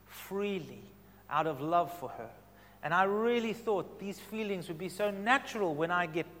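Male pastor, high bright voice, impassioned sermon, loud-to-soft swings, church hall echo.

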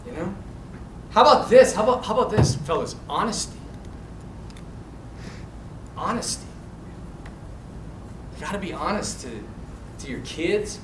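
A man's voice: high voice, very animated, unhurried, pauses often. A man, a Catholic priest, giving an informal talk to a men's group, telling stories animatedly and laughing often. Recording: echoey room, mic far off, faint noise.

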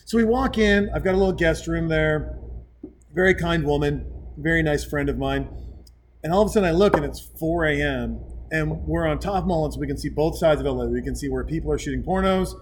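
A man in his forties, a podcast host, telling stories in a casual, animated way and laughing as he goes. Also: a little high, brisk, a little hiss or hum, rough recording. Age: 40s. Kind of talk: casual storytelling chat.

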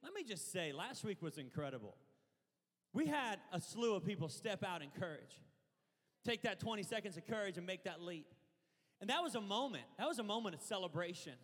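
Male preacher, high pitch, loud call-and-response sermon, long hall reverb. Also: big pitch swings, brisk. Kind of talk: energetic sermon. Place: church auditorium.

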